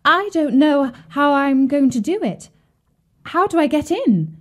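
A woman voicing a frightened little girl in a fairy tale, speaking in a high, pleading voice. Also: big pitch swings, measured pace. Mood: feigning confusion. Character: frightened little girl, tearful then brave.

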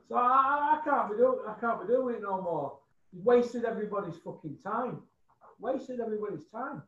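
A man's voice: high-pitched, expressive, moderate pace, fairly bright tone. A man ranting bluntly in casual chat, swearing freely and tagging his points with questions. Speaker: show regular. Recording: roomy, slightly dull sound.

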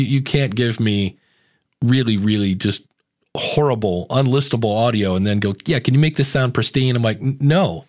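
A man hosting a casual podcast chat, telling stories in a lively way and acting out what people said. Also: mid-range voice, dry recording, studio quality. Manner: lively storyteller who acts out quoted remarks. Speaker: podcast host.

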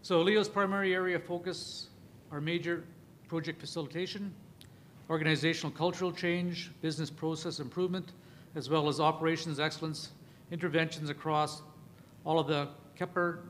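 A man chairing a conference session in a slightly raised pitch. He reads the speakers' introductions with small stumbles, over a faint background rumble. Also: fairly even intonation, a little fast, a bit bright.

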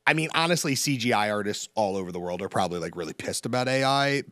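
A man's voice: on the low side, expressive, fast, sharp tone, dry recording, studio quality. A man co-hosting a culture podcast, joking wryly and teasing his co-host. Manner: wry, teasing banter, laughing. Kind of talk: casual chat.

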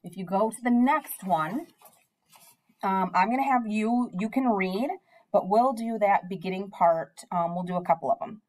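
A young adult woman teaching Spanish in a recorded lesson, talking through examples in a relaxed way with frequent ums. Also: mid-range voice, normal speed.

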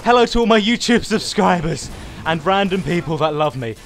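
A young man hosting his own gaming channel, giving rambling, excitable live commentary while he plays and calls out to viewers and his teammate. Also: sits high, normal speed, creaky, a little hiss or hum. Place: home.

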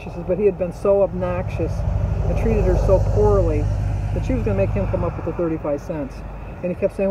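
A man's voice: high-pitched, steady tone, fast talker, dark tone, a little hiss or hum, poor audio. A middle-aged man, vlogging and telling a story in a chatty, rambling way full of fillers. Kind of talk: casual storytelling.

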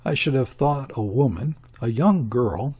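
A worried, fussy older father, as a male narrator puts him on, pressing his point in urgent rushes. The voice has a husky grain and an unhurried underlying pace, pitched in an ordinary middle register. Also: lively intonation, darkish tone, heavily acted. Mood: fretful. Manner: urgent, fretful, talks in rushes.

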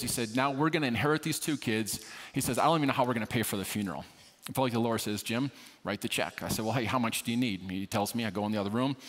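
Male pastor, brisk storytelling sermon, wry self-mocking humor, echo of a big hall. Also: fairly low pitch. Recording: long reverb of a large hall.

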